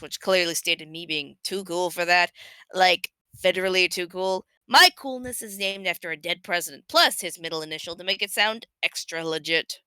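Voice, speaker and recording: A woman reading the lines of a crude, deadpan, too-cool teenage boy during a comic read-through with friends, in a dry room. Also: fairly low pitch, smooth, dry recording, low-quality recording.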